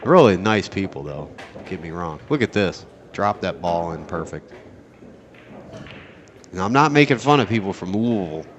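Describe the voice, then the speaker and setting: A man with a deep, low voice calls a pool match at a tournament venue. His play-by-play is casual and excitable, full of jokes and rambling side tangents. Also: moderate pace, long pauses, highs cut off, slight background noise. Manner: rambling, joking, excitable asides.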